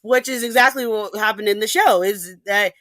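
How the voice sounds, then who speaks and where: A woman ranting animatedly in a casual podcast chat, with quick asides and restarts. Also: mid-range voice, fairly bright tone, no echo. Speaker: podcast guest.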